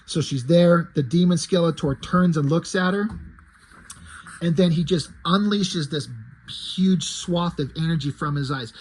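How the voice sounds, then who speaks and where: A man's voice: on the high side, measured pace, a little mellow, breathy edge. A man casually retelling his own comic story in a conversational way, with fillers.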